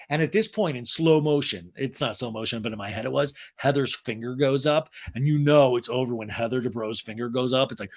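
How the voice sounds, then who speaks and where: A man hosting a podcast, giving a gossipy comic recap in animated storytelling. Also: mid-range voice, brisk, few pauses. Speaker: podcast host. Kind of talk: comic recap of a reality show.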